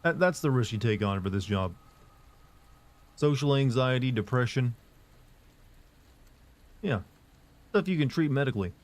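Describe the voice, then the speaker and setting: A man streaming live who answers chat in a casual, monotone, rambling way, full of fillers and restarts. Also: medium pitch, a little slow, pauses often. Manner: monotone, flat delivery.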